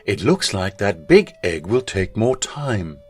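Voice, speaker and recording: A man's voice: lowish voice, sing-song, slow pace, slightly rough, soft background music, exaggerated voice. A man voicing a caring but stern mother duck in a storybook reading. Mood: gentle. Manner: stern, scolding.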